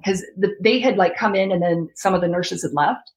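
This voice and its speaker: Woman recounting an ordeal, low voice. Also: moderate pace, poor audio. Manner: animated, reenacts her own past words. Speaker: interview guest. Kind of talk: emotional personal story.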